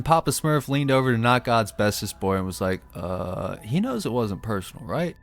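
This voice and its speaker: A man doing a sarcastic, profane comedic rant about fantasy lore, with his pitch swinging all over the place. His voice sits mid-range for a man, and faint music plays underneath. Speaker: YouTube lore commentator.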